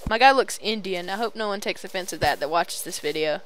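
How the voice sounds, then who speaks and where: A young woman in a loose, playful gaming chat, her voice sitting at an ordinary middle pitch. She teases her friend and shouts taunts at monsters as she plays, with a faint hiss of noise behind her. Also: fairly quick, low-quality recording. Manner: playful, teasing, taunts game enemies aloud. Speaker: gamer recording a let's play. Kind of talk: casual gaming chat over a voice call.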